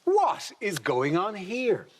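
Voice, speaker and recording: A man hosting a TV panel show, briskly thanking acts and announcing the next rounds. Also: sits high, huge pitch swings. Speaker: host. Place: TV studio with live audience. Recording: loud studio audience and noise.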